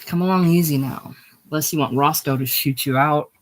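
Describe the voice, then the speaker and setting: A man reading aloud voices a hospital orderly who talks down a patient, calm and firm. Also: a little high, fairly quick, natural voice.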